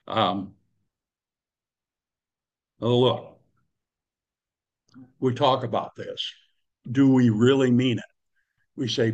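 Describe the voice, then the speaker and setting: A man's voice: medium pitch, darkish tone. A man preaching a sermon in a folksy, conversational way, with slang and asides to the listeners.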